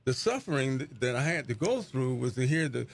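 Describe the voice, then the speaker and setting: Middle-aged male pastor guest, gravelly and earnest, reflective testimony delivery. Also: mid-range voice, very animated, fairly quick. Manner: earnest, repeats words as he searches for them.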